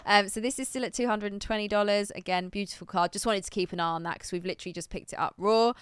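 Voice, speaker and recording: A woman co-hosting a live stream in a relaxed, chatty way, often pausing on "um" as she thinks aloud. Her voice is very smooth and clear. The sound is dry and close, with no room around it. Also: mid-range voice, no room sound. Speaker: stream co-host. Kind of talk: casual live-stream chat.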